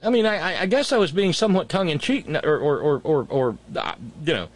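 A male host delivers a profane, sarcastic political rant, often stumbling into restarts. His voice sits a touch higher than most men's and swings widely as his anger builds. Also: animated, a little fast, no echo. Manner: angry, profane, sarcastic ranting with stammered restarts. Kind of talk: ranting political commentary.

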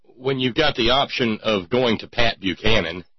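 A man's voice: mid-range voice, moderate pace, husky, dry recording. A man hosting a talk show, giving casual, wry and digressive commentary with a sarcastic edge. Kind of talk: casual radio-style commentary. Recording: dull lo-fi recording.

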